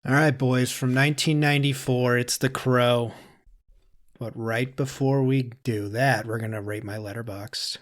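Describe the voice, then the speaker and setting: A man's voice: mid-range voice, steady tone, measured pace. A man hosting a podcast, casually recapping a film's plot with fillers and self-corrections. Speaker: podcast host.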